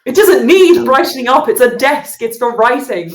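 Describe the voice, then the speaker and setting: A woman's voice: high-pitched, expressive, normal speed. A woman voicing a curt, scornful young man who talks down to everyone. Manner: dismissive and sharp-tongued. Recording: echoey room.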